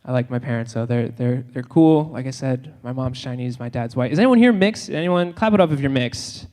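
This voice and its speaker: A man's voice: medium pitch, lively intonation, a little fast, darkish tone. A man doing a live stand-up comedy set, chatty and self-mocking, laughing at his own jokes on a handheld stage mic. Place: live comedy hall with audience.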